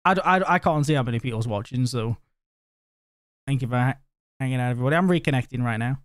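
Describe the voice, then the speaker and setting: A man's voice: mid-range voice, quick pace, no echo, studio quality. A man chatting casually with his live viewers, joking and laughing often. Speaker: livestreamer.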